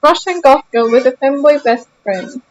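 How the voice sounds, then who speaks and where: A woman's voice: high voice, moderate pace, slight background noise, low-quality recording. A young woman streaming a game, chatting casually with her viewers in a teasing, mock-indignant way.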